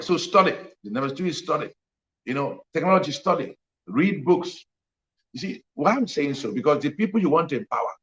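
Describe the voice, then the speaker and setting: A man's voice: fairly high pitch, a bit bright, highs cut off. A man preaching at a parenting conference, emphatic and repeating his key lines for effect. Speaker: pastor. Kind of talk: sermon.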